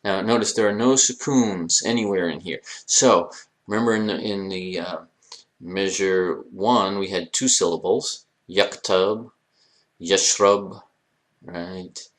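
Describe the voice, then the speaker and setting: Male instructor, lowish voice, playful lecturing, addresses the class, bursts of rising emphasis. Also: slow pace. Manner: jokey, addresses students directly, animated emphasis. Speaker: Arabic language instructor.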